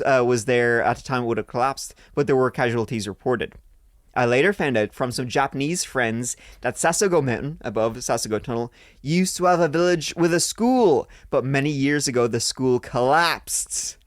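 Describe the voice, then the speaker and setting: A man with a mid-range, animated voice hosts a podcast at a moderate pace, reading listener stories aloud and cutting in with crude jokes between passages. It's casual banter, recorded dry with clean studio sound.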